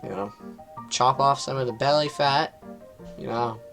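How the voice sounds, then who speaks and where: A man's voice: medium pitch, measured pace, vocal fry, fairly bright tone, faint music behind. Man voicing a sinister talking doll. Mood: coaxing. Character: sinister talking plastic doll, scheming advisor.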